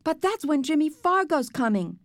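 A woman's voice: medium pitch, very animated, normal speed, no room sound, lightly acted. A woman voicing an exasperated boy arguing with his little brother.

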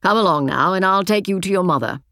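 A woman voicing a calm, plainspoken old Englishman who pilots a small boat in an audiobook, speaking briefly and matter-of-factly. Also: fairly low pitch, quick pace, dry recording, clean studio sound.

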